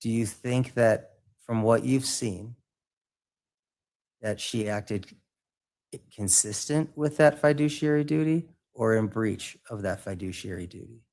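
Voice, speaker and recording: A man with a fairly low voice questions a witness in clipped, precise legal language. He sets out each question carefully and plainly. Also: vocal fry, darkish tone. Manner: precise, measured, legal phrasing. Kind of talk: formal cross-examination.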